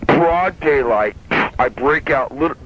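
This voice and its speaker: A man's voice: mid-range voice, animated, takes it slowly, noisy background. A man telling a long, heated story in casual chat, profane and rambling, often restarting his sentences. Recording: dull lo-fi sound.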